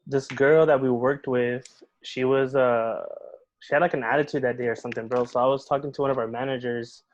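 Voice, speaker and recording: Young guy, podcast guest, rapid and slightly high voice, lots of swearing and slang, dull lo-fi audio. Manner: animated, swears often, says "bro" and "dude". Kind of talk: casual storytelling.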